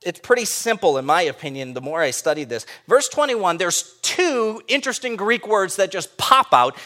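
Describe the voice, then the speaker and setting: A man's voice: high-pitched, pushed and bright. A man preaching a sermon as pastor, emphatic and full of rhetorical questions.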